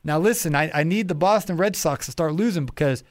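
A man's voice: a little high, fairly quick, no room sound, studio quality. A man hosting a podcast, chatting casually in a rambling way with many restarts. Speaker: podcast host. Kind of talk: casual interview chat.

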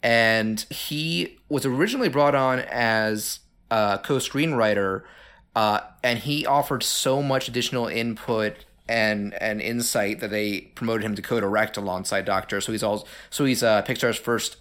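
A man co-hosting a podcast, talking casually about an animated film with lots of fillers and restarts. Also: fairly low pitch, normal speed. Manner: chatty, many fillers and restarts. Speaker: podcast co-host.

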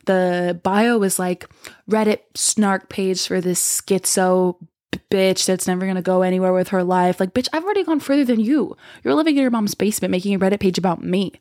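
A woman's voice: mid-range voice, no room sound, studio quality. A young woman hosting a podcast in casual chat, talking bluntly, with lots of swearing and rambling asides. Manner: blunt, profane, rambling and candid. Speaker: podcast host.

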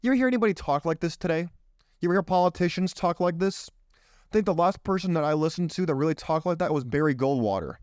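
A man's voice: on the high side, fast, no echo, studio quality. A man hosting a political commentary show, talking indignantly to his listeners, firing off rhetorical questions and rambling off script. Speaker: show host.

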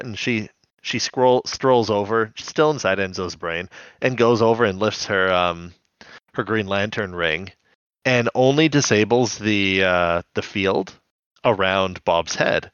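A man's voice: on the low side, fairly bright tone, clean tone, no echo, muffled recording. A man co-hosting a podcast, casually recapping scenes in a chatty way. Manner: chatty, recounts scenes with quick quoted voices. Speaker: podcast co-host.

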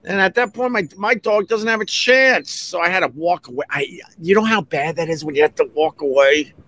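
A man hosting a podcast, telling personal stories in a casual, heated way that jumps up in pitch when he gets riled. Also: fairly quick, bright, forceful tone. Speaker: podcast host. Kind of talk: casual storytelling monologue.

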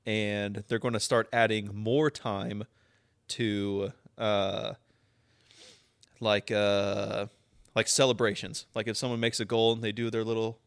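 A man's voice: on the low side, level tone, slow, vocal fry, clear, resonant tone, no room sound, clean studio sound. A young man co-hosting a casual sports podcast, swearing freely, laughing often and breaking into incredulous rants. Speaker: podcast co-host.

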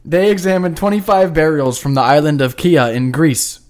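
A man's voice: fairly high pitch, lively intonation, moderate pace, a little mellow. Joking, laughing male podcast co-host. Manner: jokey, laughs often, swears casually. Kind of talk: casual science chat.

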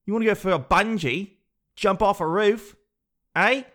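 A man's voice: high voice, normal speed, fairly bright tone, pitched above the performer's own voice. A man putting on a put-on Australian accent, voicing a carefree thrill-seeking young male traveler with a brash, drawling manner.

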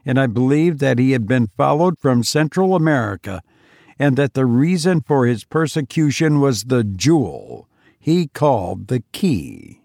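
A man narrating a first-person story in a measured, even way. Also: mid-range voice, creaky, no room sound, studio quality. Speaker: audiobook narrator.

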